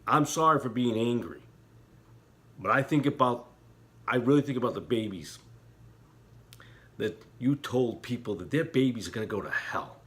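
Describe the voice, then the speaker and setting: A middle-aged man talking as an internet preacher, heated and emotional in places, quiet and somber in others. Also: medium pitch, moderate pace, pauses often. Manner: heated, talks with rising emotion and repeated apologies; quiet and somber when reflecting. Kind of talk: impassioned religious commentary.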